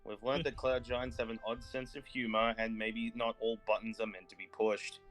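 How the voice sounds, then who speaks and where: A man's voice: on the low side, little pitch movement, moderate pace, loud music behind the voice. A man playing a tabletop game, joking in casual banter. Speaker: player.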